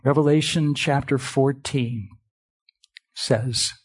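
Slow, husky-voiced man preaching. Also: medium pitch, steady tone. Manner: emphatic, repeats phrases for stress; swings between quiet and loud passages. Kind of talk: sermon.

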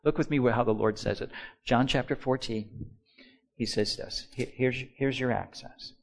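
A man preaching a sermon as pastor, moving between quiet, low musing and loud, slow, emphatic lines, and leading the congregation in call-and-response. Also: fairly even intonation, vocal fry.

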